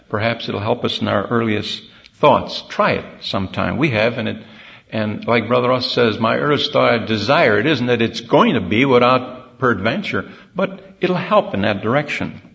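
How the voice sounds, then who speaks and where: A man giving a measured, deliberate sermon-style Bible talk from a convention platform, pausing often with fillers. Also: medium pitch, vocal fry, fairly bright tone, highs cut off. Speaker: speaker at a religious convention.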